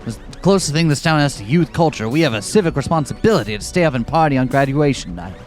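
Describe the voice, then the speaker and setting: A player putting on a gruff drawling cowboy. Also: medium pitch, animated, quick pace, soft background music, voice pushed down, natural voice. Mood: swaggering. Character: swaggering cowboy-talking young friend.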